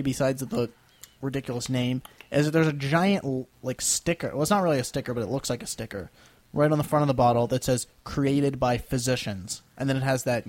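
Man, casual review chat, wry and chatty, middle-pitched, ordinary tone. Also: darkish tone. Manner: chatty, wry, fillers and restarts.

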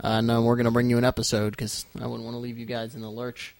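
A man's voice: mid-range voice, monotone, fast talker, gravelly, a little mellow, no room sound. A young man hosting a casual podcast, telling rambling, joking stories into a close microphone. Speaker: podcast host. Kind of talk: casual chat.

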